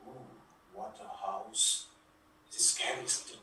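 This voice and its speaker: A man's voice: on the high side, measured pace, pauses often. A man improvising a horror movie scene on a video call, narrating his own moves. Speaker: improv performer. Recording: distant echoey mic with faint noise.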